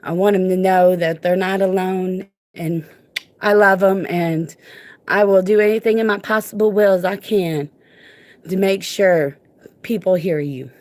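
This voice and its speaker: A woman's voice: lowish voice, fairly even intonation, measured pace, a little mellow. A woman delivers a heartfelt, informal rant recorded on her own phone. She talks emphatically and casually, circling back to her points and leaning on "look" to press them home. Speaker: parent vlogger and advocate. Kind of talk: impassioned casual vlog rant.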